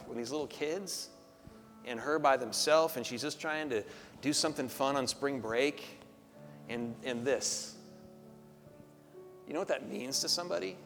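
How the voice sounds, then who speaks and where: Rich A man hosts a ministry program and closes with encouraging, loosely phrased preaching. His voice carries a long hall reverb. Soft instrumental music plays faintly behind him. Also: medium pitch. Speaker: host of a Christian ministry program. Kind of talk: preaching wrap-up.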